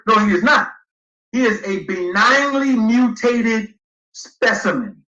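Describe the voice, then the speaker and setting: On a reverberant recording missing its high frequencies, a man with a high, bright, forceful voice speaks slowly. He's the guest speaker in a livestream debate lecture, pressing his arguments hard and reading passages aloud to back them.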